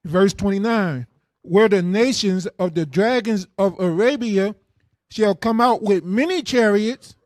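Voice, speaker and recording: High-voiced man reading scripture. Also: measured pace, no room sound, studio quality. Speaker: scripture reader.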